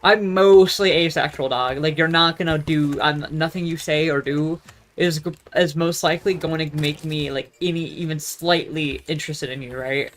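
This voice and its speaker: Young adult vlogger ranting casually, swears a lot, rambles and loses the thread, mid pitch. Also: fairly even intonation, moderate pace, a bit bright, slight background noise. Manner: profane, rambling, scattered. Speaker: gaming vlogger. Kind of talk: casual storytelling rant.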